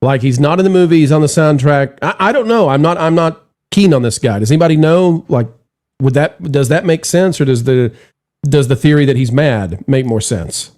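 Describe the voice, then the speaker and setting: A man's voice: fairly high pitch, animated, moderate pace, a little mellow. A man hosting a casual panel chat about movie news, talking in a chatty way with frequent restarts. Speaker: panel show host.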